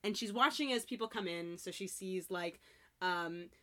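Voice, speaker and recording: A woman's voice: lowish voice, normal speed, a bit bright. A young adult woman co-hosting a casual recap chat, chatty and giggly, with lots of "like" between her words. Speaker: podcast co-host.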